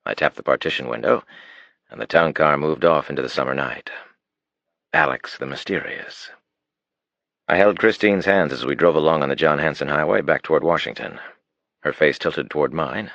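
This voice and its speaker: A man narrating an audiobook, with an expressive reading that turns hushed in tender moments. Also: very deep voice, vocal fry, no echo. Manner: expressive reading, drops to a hushed tone in romantic passages. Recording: dull dry studio recording.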